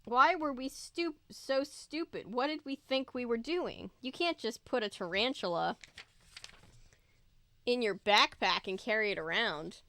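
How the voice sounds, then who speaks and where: A woman's voice: on the high side, bright, forceful tone, no echo. A woman reading a fretful schoolboy. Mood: panicky. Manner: fretful, quick to grumble. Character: anxious, blunt schoolboy friend.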